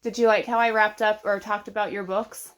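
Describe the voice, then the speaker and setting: A woman's voice: mid-range voice, flat delivery, brisk. Chatty Texan woman. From Texas. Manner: chatty, laughs easily. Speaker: book vlogger. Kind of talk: casual chat.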